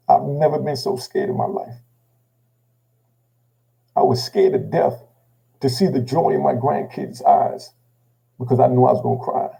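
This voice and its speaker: A man's voice: sing-song, moderate pace, long pauses, rough recording. An older man from Jamaica telling his own story in a casual, emotional way, often adding "you know what I mean". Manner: gravelly, repeating "you know what I mean" after each thought; drops low and quiet when he quotes himself.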